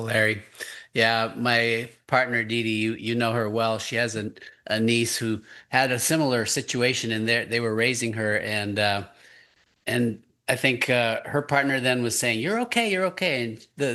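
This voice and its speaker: Bright-voiced male co-host. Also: mid-range voice. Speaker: pediatrician co-host. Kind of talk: conversational interview talk.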